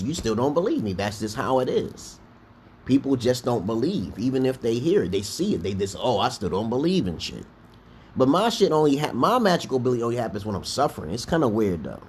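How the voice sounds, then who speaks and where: A man's voice: medium pitch, darkish tone, slight background noise. A middle-aged man from Brooklyn with a New York accent, chatting casually on a livestream, rambling and profane, often tagging "okay?" on his lines. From Brooklyn, New York, USA. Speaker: livestream host. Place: home livestream.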